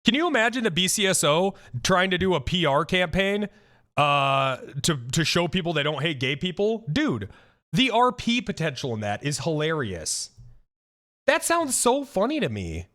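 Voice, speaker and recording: Young man, streamer, high lively voice, bright tone, profane ranting commentary. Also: moderate pace. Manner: animated, profane, ranting with frequent restarts. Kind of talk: casual reaction commentary.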